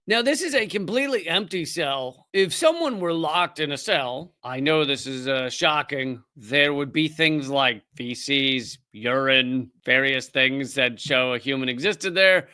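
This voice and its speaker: A man's voice: medium pitch, expressive, unhurried, hardly any pauses, pushed and bright, clear, resonant tone. A man hosting a comedy show, mocking news footage in a wry, sarcastic commentary. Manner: mocking, wry, thinking aloud with restarts.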